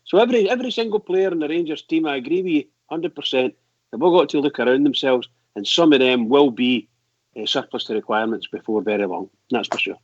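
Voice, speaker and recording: A man's voice: mid-range voice, quick pace, no echo. A man hosting a fan call-in radio show, teasing his guests and laughing a lot. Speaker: radio host. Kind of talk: casual chat. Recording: dry, dull lo-fi audio.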